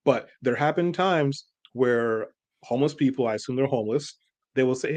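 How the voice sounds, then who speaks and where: A man's voice: mid-range voice, moderate pace, darkish tone. A man, co-hosting a casual reaction chat, making his case earnestly and at length. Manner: earnest, persuasive, rambling. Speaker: co-host.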